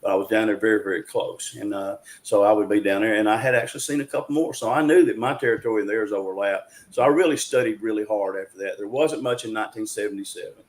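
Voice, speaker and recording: A man's voice: on the low side, quick pace, hardly any pauses. A man, telling a story as an interview guest in an earnest, folksy way, with frequent restarts. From Arkansas, USA. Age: 60s.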